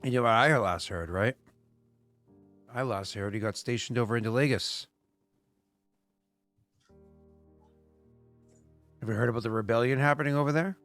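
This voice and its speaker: A man's voice: medium pitch, quick pace, a bit bright, faint music behind, natural voice. A man voicing a cold, suspicious army centurion who questions with curt, probing remarks.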